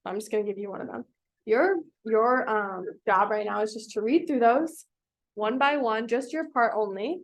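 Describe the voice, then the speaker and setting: Bright-voiced, patient woman reading teacher. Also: on the high side, moderate pace. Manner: patient, encouraging, asks many questions. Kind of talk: classroom instruction to children.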